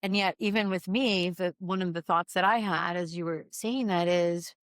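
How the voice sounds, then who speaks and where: Female host, lowish voice, affirming and reflective, dry close recording. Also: fairly even intonation, moderate pace, no room sound. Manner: warm, affirming, reflective questioner. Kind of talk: casual interview conversation.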